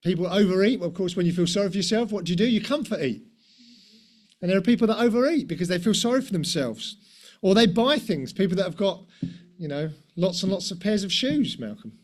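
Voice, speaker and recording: With a brisk, expressive delivery, a man who sounds middle-aged gives a chatty sermon in a light, high voice. He peppers it with rhetorical and tag questions and pokes fun at himself now and then.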